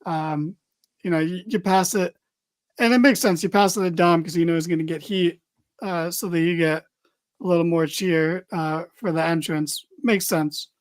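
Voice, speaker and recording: A man's voice: on the high side, fairly even intonation, normal speed, no echo. A man hosting a casual wrestling podcast, recapping a show in a loose, chatty way with lots of fillers and the odd swear.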